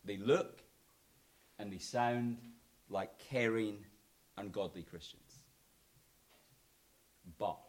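A man preaching a sermon, swinging between emphatic high points and quiet low endings.

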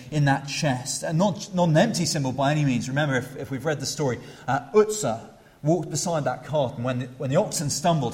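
Preacher in a reverberant hall. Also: male voice, medium pitch. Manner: hesitant, many fillers and restarts, animated when acting out the crowd. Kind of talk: sermon. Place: church. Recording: long reverb of a church hall.

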